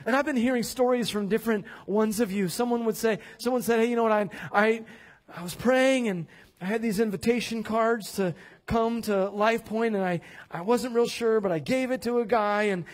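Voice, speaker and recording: A man preaching a sermon as pastor in a church, animated, acting out quoted voices and rising to loud declarations. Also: sits high, normal speed. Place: church sanctuary.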